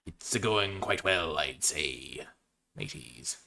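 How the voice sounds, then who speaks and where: A swaggering pirate captain growls out his "arr"s and "aye"s in a hearty, drawling sea-dog voice, as a man puts him on. The tone sits low and carries bright and forceful. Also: moderate pace, slight background noise, full character voice.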